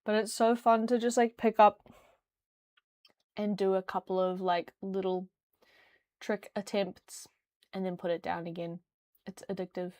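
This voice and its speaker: A woman's voice: medium pitch, flat delivery, measured pace, long pauses, darkish tone, no room sound, studio quality. A young woman chatting casually on a livestream, rambling with lots of fillers. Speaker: streamer.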